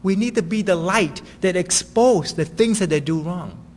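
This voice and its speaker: A man preaching in a loose, chatty way, often tossing in "right?" as he goes. His voice sits a little high for a man. A long reverb tail hangs on every phrase. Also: moderate pace. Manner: conversational, keeps asking "right?". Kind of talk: sermon.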